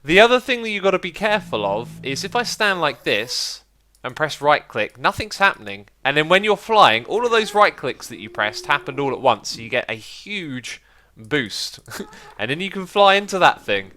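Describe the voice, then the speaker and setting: A man chatting casually as he plays and explains a building game, excitable and quick to laugh. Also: fairly high pitch. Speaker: Minecraft YouTuber. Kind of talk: casual gameplay commentary.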